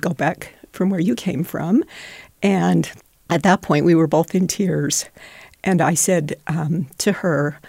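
A middle-aged woman speaks with a gravelly, fry-tinged voice, sincere and devout as she recounts stories of the refugee families she serves. The sound is close and dry, with no room around it. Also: lowish voice, a little mellow, no echo. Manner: heartfelt, tearful at moments, devout. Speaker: refugee donation center volunteer. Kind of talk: emotional interview storytelling.

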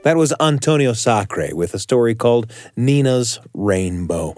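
A man hosting a storytelling show, narrating a reflective personal memory in a measured way. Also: mid-range voice, lively intonation, a little mellow, no room sound, clean studio sound, faint music behind. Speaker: podcast host. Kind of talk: scripted narration.

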